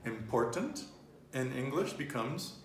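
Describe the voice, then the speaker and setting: In a roomy home recording with faint ambience, a man in his thirties gives a casual Spanish lesson. His mid-range voice is expressive and measured in pace, and he's chatty and loose, laughing easily, often restarting or drifting off-topic.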